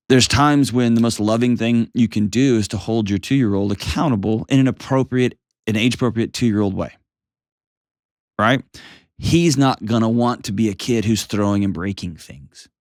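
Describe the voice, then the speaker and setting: A man in his forties hosting a call-in advice show, calm, reassuring and emphatic as he coaches a caller. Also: on the low side, moderate pace, no room sound, clean studio sound. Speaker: host.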